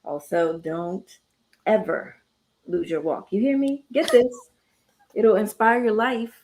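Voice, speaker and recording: A woman's voice: medium pitch, lively intonation, slow pace, a little mellow. A woman hosting a jazz radio show, effusive and laughing often as she interviews a guest and signs off.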